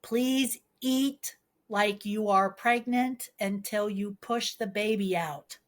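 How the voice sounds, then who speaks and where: Woman, midwife guest on a podcast; earnest, emphatic explainer with mid-range pitch. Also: slow. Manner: earnest, explains with homely analogies; pleading, emphatic advice.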